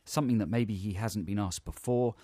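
A man's voice: lowish voice, fairly quick, warm tone, no echo, studio quality. A male radio co-host in comic banter, playful and teasing, often giggling. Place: radio studio.

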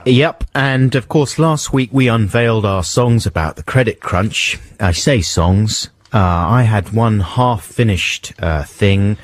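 A man hosting a radio show, chatting and joking in an animated way. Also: lowish voice, slow, hardly any pauses. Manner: jokey, animated, breaks into silly voices. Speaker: radio host. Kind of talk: casual radio banter.

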